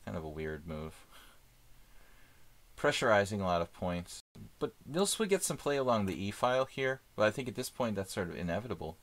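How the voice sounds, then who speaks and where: A man streaming live chess, thinking aloud in casual commentary with many fillers and pauses. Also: fairly low pitch, big pitch swings.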